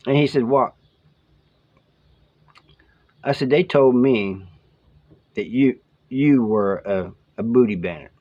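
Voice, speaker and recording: In a mid-range voice, a bit slow, an ex-inmate shares his prison stories casually to camera. He wanders through them in colloquial slang, quoting and acting out what others said. The audio is slightly dull and lo-fi.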